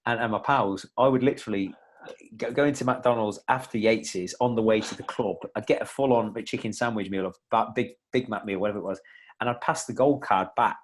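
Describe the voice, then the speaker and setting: Podcast guest: young man, lowish voice, loose rambling chat full of restarts. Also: a little fast. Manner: rambling, many restarts and fillers, laughs a lot. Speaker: podcast guest, fitness coach.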